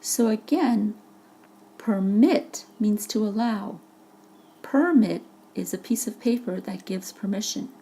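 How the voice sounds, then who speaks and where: Over a slide presentation, a woman teacher narrates a vocabulary lesson, patiently explaining each word with examples. Her voice is mellow and medium-pitched, and she speaks slowly.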